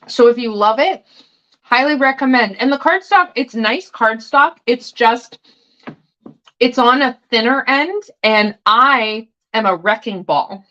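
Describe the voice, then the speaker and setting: A woman's voice: fairly high pitch, slow, fairly bright tone, dull audio. A woman hosting a tarot livestream, chatting casually and swearing freely while she snacks between thoughts.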